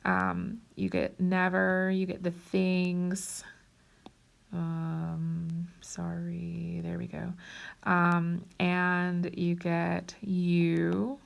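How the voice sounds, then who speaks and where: A woman teaching a recorded lecture over slides, unhurried and checking in often with the listener. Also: fairly low pitch. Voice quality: creaky. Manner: unhurried, checks in with "okay?" and "right?".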